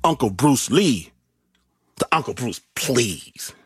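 A male host telling a childhood story in a dramatic, animated way, slipping into shouts for the people in it. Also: mid-range voice, slow pace, slightly rough, no echo. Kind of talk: performed storytelling over music. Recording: music bed behind voice.

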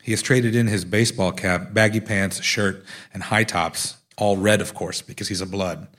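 A man's voice: on the low side, steady tone, normal speed, a bit bright. A man, the author, reading aloud from his own memoir in a wry storytelling manner.

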